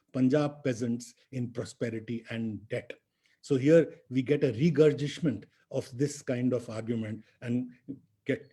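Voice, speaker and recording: Emphatic older lecturer, husky voice. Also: male voice, mid-range voice, mellow. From India. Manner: emphatic, rhetorical asides and tag questions. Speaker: history professor. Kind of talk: public lecture.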